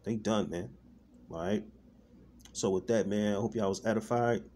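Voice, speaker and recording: Faint hiss or hum underlies a fairly low, steady, darkish male voice at a moderate pace. This street-style preacher's informal online sermon wanders loosely and repetitively, heavy on "man" and "all right," with frequent stop-and-restart moments as he searches for words.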